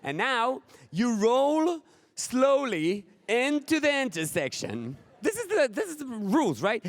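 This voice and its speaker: A middle-aged man from Israel with an Israeli accent, a Hebrew speaker doing an animated stand-up speech at a conference, acting out scenes with exasperated outbursts. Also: very high-pitched, a little slow, no echo.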